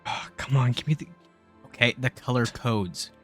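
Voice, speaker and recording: A man's voice: medium pitch, moderate pace, fairly bright tone, soft background music. A young man casually talking and swearing at his mistakes while building a spaceship in a game. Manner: swears freely, grumbles and exclaims at mistakes; rambling storytelling with filler words.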